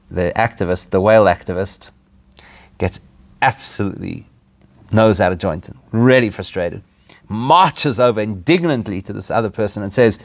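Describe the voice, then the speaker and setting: Recorded dry, a man with a fairly low voice leads his weekly class as rabbi. He keeps things informal, posing rhetorical questions and chuckling at the points he makes.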